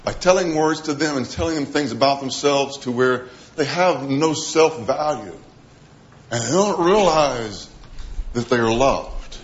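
A middle-aged man preaching a sermon, animated, acting out quoted voices and dropping to a soft voice for emphasis. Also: medium pitch, measured pace, lo-fi sound.

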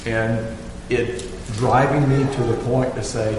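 A man in a Bible study group speaking slowly and deliberately, pausing between phrases. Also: mid-range voice, fairly even intonation. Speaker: class member. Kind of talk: group discussion. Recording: very echoey hall with faint noise.

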